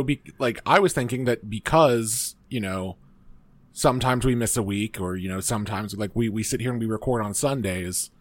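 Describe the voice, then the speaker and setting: Male co-host, deadpan humor, hesitant delivery, dry mic. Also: medium pitch, dry recording. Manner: deadpan joking, hesitant fillers. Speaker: podcast co-host. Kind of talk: casual chat.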